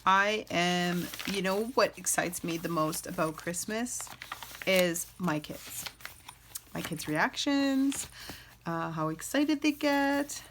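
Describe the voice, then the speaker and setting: A woman in her thirties chats casually through a craft flip-through. Her voice sits a little low, and she rambles with filler words and pokes fun at herself. Faint background noise runs under the recording. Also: animated, slow, a bit bright. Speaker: junk journal crafter and channel host.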